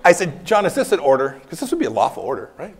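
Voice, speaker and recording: A man's voice: on the high side, wildly swooping pitch, fast talker. A man in his fifties, a guest speaker at a university lecture hall, answering questions candidly and telling anecdotes with bursts of laughter. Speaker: former secretary of state, guest speaker. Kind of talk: campus lecture Q&A, storytelling.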